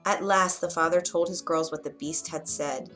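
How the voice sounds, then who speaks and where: A woman with a fairly low voice narrates a children's fairy tale. She reads clearly and at a measured pace, the way someone reads aloud to children. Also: fairly even intonation, fairly bright tone, faint music behind. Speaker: storyteller. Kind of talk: children's storybook reading.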